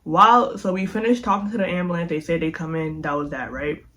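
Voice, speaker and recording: A young adult telling a casual storytime vlog in an animated, slangy way, full of filler sounds. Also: mid-range voice, brisk. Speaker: vlogger.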